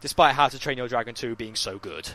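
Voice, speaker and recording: A man co-hosting a casual podcast chat, telling animated stories, swearing freely and mimicking other people. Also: medium pitch, brisk. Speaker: podcast co-host.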